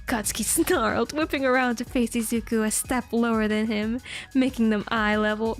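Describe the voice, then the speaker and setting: A woman streamer with a high voice reads fanfiction aloud, laughing and reacting to the drama as she goes. Soft music sits faintly behind her. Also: normal speed. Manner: giggly, excitable asides to chat.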